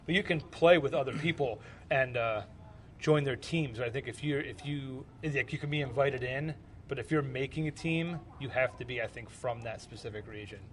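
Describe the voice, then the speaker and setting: A man's voice: mid-range voice, normal speed, a little hiss or hum. A young man from the United States co-hosting a podcast, chatting casually and rambling with lots of fillers and repeated words. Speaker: podcast co-host. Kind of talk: casual chat.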